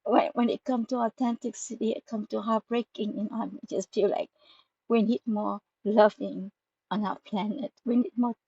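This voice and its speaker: A woman's voice: medium pitch, fairly even intonation, normal speed, warm tone, slightly rough, no room sound. A woman speaks to her viewers in a heartfelt, emotional way, her grammar loose and non-native, her voice a little tearful at times. The recording is dry and close, with a slightly muffled, dull tone. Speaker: spiritual vlogger. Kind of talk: emotional direct-to-camera talk.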